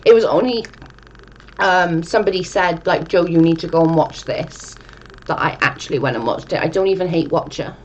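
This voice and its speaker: A woman's voice: fairly low pitch, normal speed, a little hiss or hum. A young woman casually chatting on a live stream, reading viewer comments and rambling, with casual swearing.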